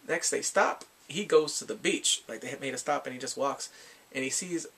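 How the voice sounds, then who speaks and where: A man's voice: mid-range voice, moderate pace, vocal fry, a bit bright, breathy edge. A man casually recapping drama episodes, rambling and filling his talk with "like" and acted-out quotes. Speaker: drama reviewer.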